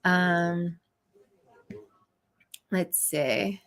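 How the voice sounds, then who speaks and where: A woman's voice: on the low side, drawn-out words, fairly bright tone. A woman hosting a live stream, chatting casually with viewers and laughing often. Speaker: livestream host. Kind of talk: casual live chat reading viewer comments.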